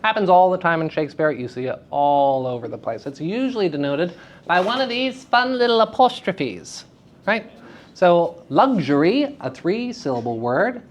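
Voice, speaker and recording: A man lecturing acting students at a school workshop, animated and playful, leading them in call-and-response drills. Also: sits high, normal speed. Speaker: acting teacher. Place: school theater festival workshop room.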